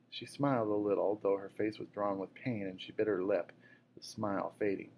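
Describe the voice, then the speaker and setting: A man reading a novel aloud in a steady way, now and then correcting a slip. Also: fairly low pitch, a little fast, a little hiss or hum, low-quality recording. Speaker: reader.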